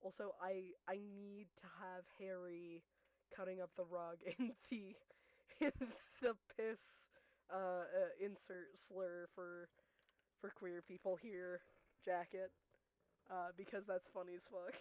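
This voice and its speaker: A young woman streaming a game, chatting casually and excitedly, laughing often and swearing. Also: fairly low pitch, slow, smooth, dry recording. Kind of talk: casual let's-play commentary.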